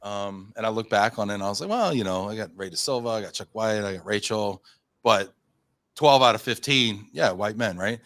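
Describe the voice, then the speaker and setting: A man in his thirties from the United States, telling a story as a podcast guest, animated and full of fillers, acting out his own quotes. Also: lowish voice, fairly quick. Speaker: podcast guest, company founder. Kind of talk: casual storytelling in an interview.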